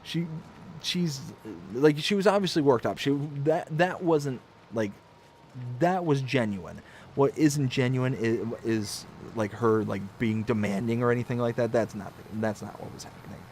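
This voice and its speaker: A man's voice: mid-range voice, a little slow, slight background noise. A man hosting a gaming livestream, casually telling a story and acting out the voices in it. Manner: animated, acts out the voices in his story. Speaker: livestream host.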